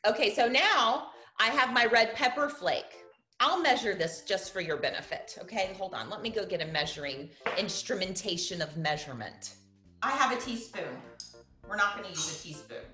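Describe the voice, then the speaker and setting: Brief: woman host of a homey cooking show, lively, bouncing pitch, chatty and playful, recorded in an echoey room with light music. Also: moderate pace. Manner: chatty, playful, laughing often. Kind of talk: casual cooking demonstration over video call.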